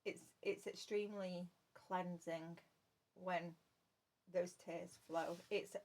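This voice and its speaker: A woman's voice: lowish voice, steady tone, takes it slowly, a little mellow. Lady doing a tarot reading, earnest, says things twice, calls you love. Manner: earnest, repeats phrases, addresses listener as love. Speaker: tarot reader. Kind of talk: spoken tarot reading to viewers.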